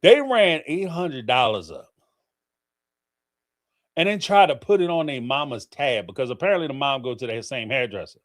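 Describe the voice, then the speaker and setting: A man's voice: mid-range voice, normal speed. A middle-aged man hosting a call-in livestream, giving casual, theatrical commentary with frequent laughter. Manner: animated, theatrical, laughing storyteller.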